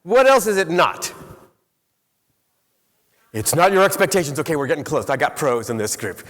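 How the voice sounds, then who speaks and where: Middle-aged man, keynote speaker, lively swooping pitch, quizzes the crowd, long hall reverb. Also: moderate pace. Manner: animated storyteller who quizzes the audience. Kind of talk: motivational keynote speech. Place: large hall with a live audience.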